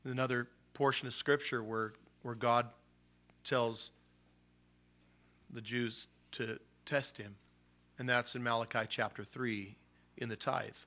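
A man preaching a sermon with a bright, forward voice. He keeps it animated and uses casual slang as he teaches. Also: mid-range voice, slow pace, long pauses. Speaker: pastor.

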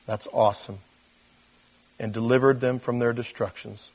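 A man's voice: medium pitch, steady tone, normal speed, long pauses, darkish tone, husky, low-quality recording. Man preaching a loose, chatty sermon. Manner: casual, loose, many fillers, acts out quoted voices. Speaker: pastor. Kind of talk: conversational sermon.

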